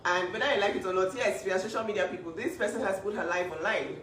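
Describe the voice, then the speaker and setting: Woman defending her sister on camera, forceful and indignant, recorded at a distance in a reverberant room. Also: medium pitch, fast talker. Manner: emphatic, indignant, restarts often. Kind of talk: emotional vlog statement. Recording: echoey room, distant mic, faint noise.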